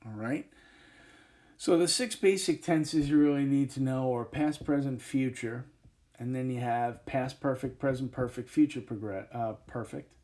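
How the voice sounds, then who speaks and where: Mellow-voiced male teacher with many fillers. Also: mid-range voice, unhurried. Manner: relaxed, with many fillers and frequent "okay"s. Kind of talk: recorded grammar lesson over a whiteboard. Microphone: tablet microphone, voice-over.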